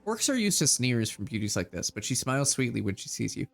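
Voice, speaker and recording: A man's voice: medium pitch, big pitch swings, fast, gravelly, a bit bright, faint music behind. A man streaming a video game, reading its text aloud and chatting casually between choices. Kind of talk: let's-play narration and chat.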